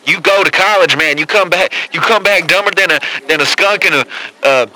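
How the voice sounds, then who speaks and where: A man's voice: high voice, fairly quick, pushed and bright, poor audio. A man playing a rambling, stammering caller in a comedic call-in sketch, leaning on "man" constantly.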